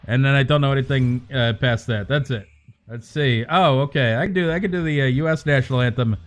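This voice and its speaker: A man's voice: mid-range voice, fast, soft background music. A man chatting casually on a livestream, rambling, swearing freely and joking as he rants to his viewers.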